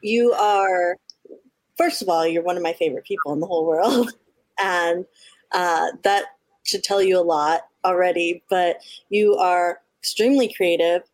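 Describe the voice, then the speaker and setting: A woman co-hosting a podcast in casual chat, effusive and quick to laugh, swearing freely. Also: on the low side, dry recording. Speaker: podcast co-host.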